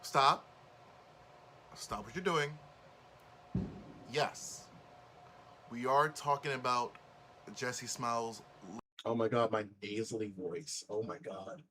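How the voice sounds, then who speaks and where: A man in a middle pitch talks through casual reaction commentary as the host, blunt and indignant. He fills gaps with plenty of ums and likes, with a faint hiss of noise under his voice. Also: slow pace, long pauses, pushed and bright, rough recording. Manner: blunt, indignant, many fillers.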